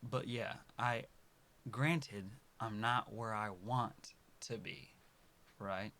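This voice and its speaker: A man in his early twenties talking casually to his viewers, rambling and correcting himself, dropping to soft mutters and then bursting out loud. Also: on the low side, fairly even intonation, drawn-out words, vocal fry. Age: early 20s. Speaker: vlogger. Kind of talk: casual personal monologue to camera.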